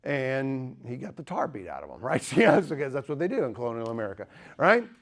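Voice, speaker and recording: A man's voice: mid-range voice, fairly quick. A man lecturing with humor and energy. He keeps checking in with the audience and tosses them questions. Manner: lively, joking, asks the audience questions. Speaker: speaker. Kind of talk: apologetics lecture.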